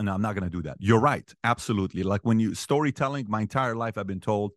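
A man in his forties with a fairly low voice tells stories from his life in conversation, and he gets animated, climbing high and loud whenever he relives a heated moment. The sound is dry and close, with no room around it. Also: fast talker, dry recording. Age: 40s. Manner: animated, rising in pitch and volume when reliving arguments. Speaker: interview guest. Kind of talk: storytelling in conversation.

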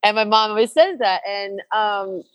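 A woman's voice: mid-range voice, animated, moderate pace, low-quality recording. A woman from New Jersey, a musician guest, talking earnestly in an interview with many fillers and restarts. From New Jersey, USA. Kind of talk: candid interview conversation.

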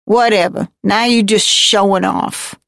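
A woman's voice: medium pitch, fairly even intonation, a little slow, creaky, a bit bright, no room sound, clean studio sound. A woman doing a scolding, defiant grumpy man. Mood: grumbling. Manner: chiding, defiant, slangy. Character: grumpy, bossy middle-aged man, small-time dealer.

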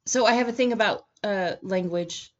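A woman's voice: moderate pace, noisy background. A woman chatting casually as co-host, speaking bluntly and expressively. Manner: blunt and expressive, with wide swings in pitch. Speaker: podcast co-host. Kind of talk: casual chat. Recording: slightly dull lo-fi sound.

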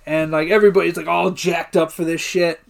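A man's voice: on the high side, flat delivery, brisk, vocal fry. A man co-hosting a podcast, casually retelling a movie's plot play by play with loose profanity and frequent laughter. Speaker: podcast co-host. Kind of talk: casual movie recap chat.

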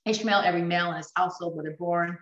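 A woman teaching a Bible study to a group, animated and enthusiastic, often laughing as she explains. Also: lowish voice, racing. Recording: echoey room, mic at a distance, dull sound.

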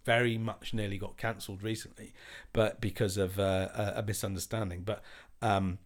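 A man in his forties telling a story in casual chat, animated and swearing, acting out other people's lines. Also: lowish voice, moderate pace.

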